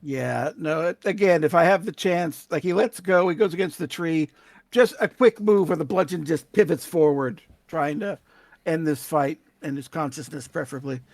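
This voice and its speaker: A man's voice: a little high, normal speed, no room sound. A man playing a tabletop game, describing his character's moves in detail and laughing easily. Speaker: player.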